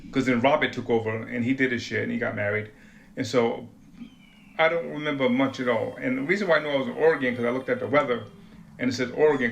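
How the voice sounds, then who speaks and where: Gravelly, profane man rambling candidly. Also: mid-range voice, a little hiss or hum. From Rhode Island, USA. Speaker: vlogger. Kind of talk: casual confessional monologue.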